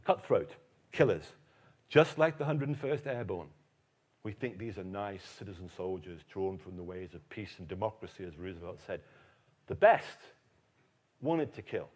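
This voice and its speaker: A man giving a lively public lecture on history, telling stories emphatically. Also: medium pitch. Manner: animated storyteller, emphatic. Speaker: keynote speaker, historian.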